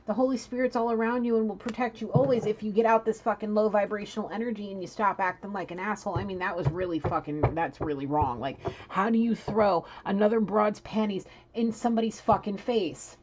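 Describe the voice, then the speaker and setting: A woman giving a casual tarot reading, blunt and profane, scolding and animated as she talks. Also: mid-range voice, a little fast, muffled recording, background noise. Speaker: tarot reader.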